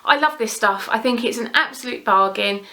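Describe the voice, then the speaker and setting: A woman's voice: fairly high pitch, normal speed, sharp tone. A young British woman talking casually to camera as a beauty vlogger, chatty and rambling with gushing enthusiasm.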